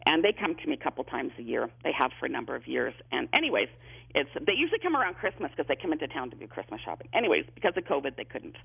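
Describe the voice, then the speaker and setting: A man's voice: medium pitch, big pitch swings, rapid-fire, creaky, husky. A man, a psychic medium, chatting in an interview and telling stories, often repeating himself and restarting sentences. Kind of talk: phone-in interview, storytelling. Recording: tinny phone line.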